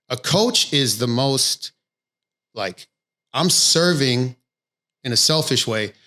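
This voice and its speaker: A man's voice: mid-range voice, lively intonation, a little slow, sharp tone. A man who coaches boxing, telling stories candidly in a casual podcast conversation and swearing often. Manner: candid storytelling with frequent swearing.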